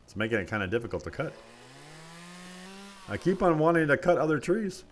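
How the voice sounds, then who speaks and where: A man's voice: on the high side, sing-song, a little fast, a little hiss or hum. A man chatting casually with his viewers while playing a logging game on a live stream, rambling and talking things over with his chat.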